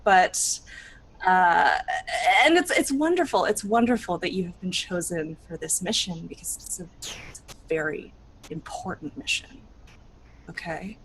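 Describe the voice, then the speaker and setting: A doting female orc mentor, voiced by a woman, stumbling over her words as she tells her charge how proud she is. Her delivery is halting and repetitive, now and then sinking to a soft, breathy hush. A tabletop role-play voice. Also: mid-range voice, expressive, slight background noise, low-quality recording. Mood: fond. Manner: halting, repeats herself, soft and breathy in places.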